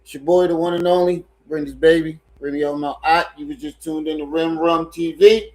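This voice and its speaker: A man's voice: on the high side, steady tone, a little fast, darkish tone, poor audio. A man hosting a livestream, laid-back and encouraging as he signs off. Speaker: livestream host. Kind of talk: casual livestream sign-off.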